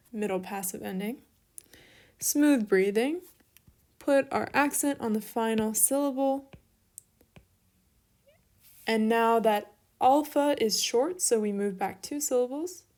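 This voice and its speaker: Slow-talking young woman teaching Greek. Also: a little high. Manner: steady, step-by-step explaining while writing, with small apologies. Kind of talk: online lesson walkthrough.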